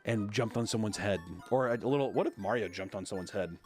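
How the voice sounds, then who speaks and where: A man's voice: fairly low pitch, brisk, faint music behind. A man reading an article aloud and breaking off into joking commentary. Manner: animated, joking asides, mock voices.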